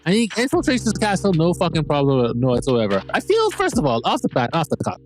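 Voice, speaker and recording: Animated, slightly high-voiced male podcast host. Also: quick pace. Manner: animated, rambling, swears freely. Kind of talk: casual TV episode recap.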